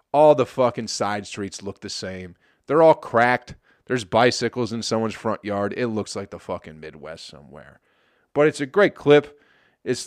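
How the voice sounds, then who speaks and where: A man's voice: lowish voice, dry recording, studio quality. A man doing a rambling, profane, sarcastic comedy monologue as host.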